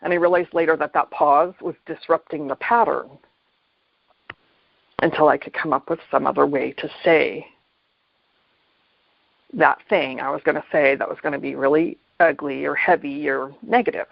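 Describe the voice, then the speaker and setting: A man hosting a reflective solo talk on mindfulness, unhurried and thoughtful, often pausing and restarting his phrases. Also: on the high side, steady tone, vocal fry, no room sound. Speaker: podcast host. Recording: dull lo-fi dry recording.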